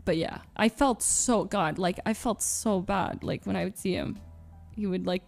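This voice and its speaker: Halting, gravelly-voiced woman streamer confessing. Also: medium pitch, darkish tone, soft background music. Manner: halting and searching, with many restarts and fillers; nervous little laughs between phrases. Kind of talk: emotional confession to a stream audience.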